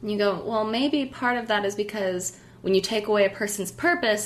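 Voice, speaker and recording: A woman's voice: mid-range voice, a little fast, slight background noise. A woman hosting a casual faith conversation, encouraging and asking reflective questions. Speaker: podcast host.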